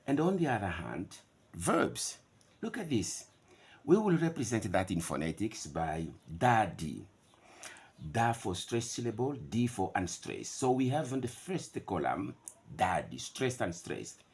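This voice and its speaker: A man whose first language is Bantu gives a classroom lecture on English pronunciation, with a fairly low, slightly mellow voice that has a breathy edge. He drills words by contrasting them, drawing out each repetition.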